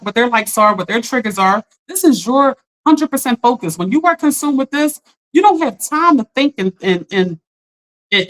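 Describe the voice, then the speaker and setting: A woman life coach in casual live-stream chat, animated, laughing often and talking straight to her viewers. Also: a little high, poor audio.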